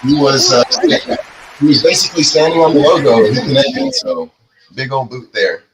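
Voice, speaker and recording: A man's voice: mid-range voice, normal speed, a loud crowd, low-quality recording. A man hosting a fantasy football watch-party podcast, giving casual play-by-play with lots of fillers. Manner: laid-back, filler-heavy play-by-play. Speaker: podcast host. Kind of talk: casual live game commentary.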